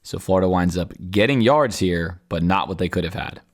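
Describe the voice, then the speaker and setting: A man's voice: sits low, a little fast. A man hosting a podcast, talking viewers through football game film in a conversational, analytical way. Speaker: podcast host.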